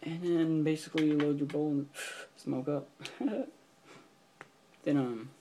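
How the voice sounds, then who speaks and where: Gravelly-voiced teenage guy rambling on. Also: on the high side, steady tone, slow, warm tone, a little hiss or hum. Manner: rambling, with frequent fillers and restarts. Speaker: vlogger. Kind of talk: casual storytelling vlog.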